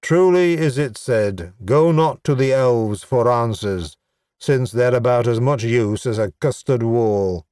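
A man's voice: medium pitch, slow, darkish tone, clean tone, no echo, natural voice. A man voicing a sly, scheming male goblin chieftain in a dry, sardonic, exasperated manner, recorded close and dry.

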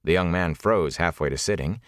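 A man narrating a fantasy novel in measured, expressive storytelling. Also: low-pitched, no room sound, clean studio sound. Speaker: audiobook narrator.

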